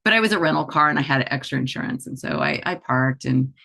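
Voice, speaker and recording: Low-pitched middle-aged woman, casual teacher who talks things through with the listener. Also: expressive, fast, vocal fry, pushed and bright. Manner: chatty, with frequent "you know" and "right?" asides. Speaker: animal Reiki teacher. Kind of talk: conversational teaching talk.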